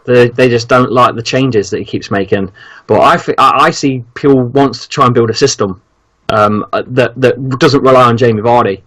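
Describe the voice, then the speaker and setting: A man hosts a casual football chat with a middling pitch. He rambles and hesitates, filling gaps with ums and restarting his sentences. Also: normal speed, fairly bright tone.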